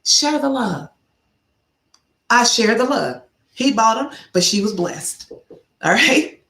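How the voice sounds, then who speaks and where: A woman's voice: a little high, lively intonation, unhurried, fairly bright tone. A middle-aged woman giving casual motivational advice to her viewers, telling stories and repeating key phrases like a preacher. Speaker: vlog host giving life advice. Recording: roomy echo.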